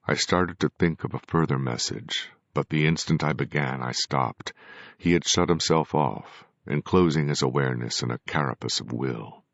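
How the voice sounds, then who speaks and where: A man narrating a first-person audiobook with measured, grave storytelling. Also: extremely low pitch, fairly bright tone, no room sound. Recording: dry, dull lo-fi recording.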